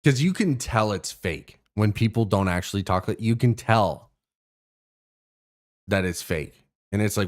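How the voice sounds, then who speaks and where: Hosting his own stream, a young man from Canada rants to viewers in a loose, rambling way, cursing a lot and using many fillers and restarts. He speaks at a fairly low pitch, animated but unhurried, pausing often.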